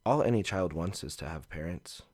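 A man's voice: sits low, lively intonation, a little fast, darkish tone. A man as a podcast guest, telling a personal story in an earnest, reflective way.

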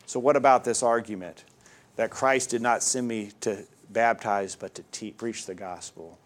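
A man's voice: on the low side, moderate pace. Earnest man preaching a sermon. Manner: earnest, emphatic preaching with scripture readings.

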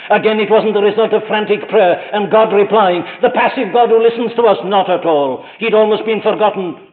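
A man's voice: high voice, big-room sound, phone-quality sound. Man preaching on a thin archive recording. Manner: emphatic, asks the listener rhetorical questions; slows down and rises for stressed phrases. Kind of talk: sermon.

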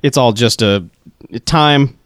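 A man's voice: medium pitch, measured pace, smooth, no echo, clean studio sound. A man chatting on a podcast about a movie in a jokey way, laughing often. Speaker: podcast co-host. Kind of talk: casual chat reviewing a movie.

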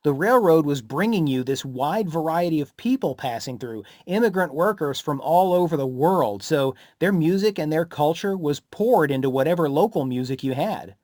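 A man's voice: on the high side, lively intonation, moderate pace, few pauses, a little mellow, no echo. Informative man explaining with a dry sound. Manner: informative, explains history, introduces songs. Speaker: co-host. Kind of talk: casual chat.

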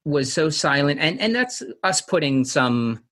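A man's voice: a little high, very animated, unhurried, a bit bright. Rambling, laughing man in casual chat. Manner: rambling, laughs often, acts out quotes. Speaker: podcast co-host. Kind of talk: casual chat recapping a TV episode.

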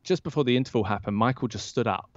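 A man, a podcast guest and author, telling an anecdote in an interview and acting out the quoted lines with lively jumps in his voice. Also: medium pitch, fast, no echo. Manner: lively storyteller who acts out quoted lines. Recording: dull lo-fi dry sound.

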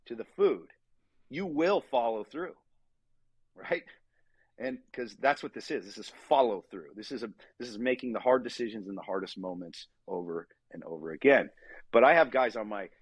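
A man's voice: fairly low pitch, slightly rough, dry recording. A man in his forties, a fitness coach for fathers, talking earnestly in a casual podcast conversation and acting out his inner voice as he tells stories. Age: 40s. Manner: earnest, animated storyteller who acts out inner dialogue.

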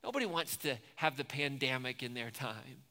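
A man's voice: mid-range voice, animated, normal speed, pushed and bright. A man preaching a sermon, retelling movie scenes and acting out the characters' lines with rising intensity. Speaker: pastor. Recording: long hall reverb.

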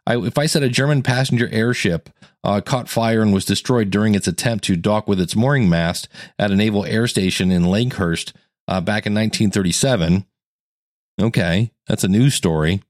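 Male podcast coach, lower voice, dry close mic, lively and conversational, acts out quotes. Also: moderate pace, no room sound. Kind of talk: solo educational podcast monologue.

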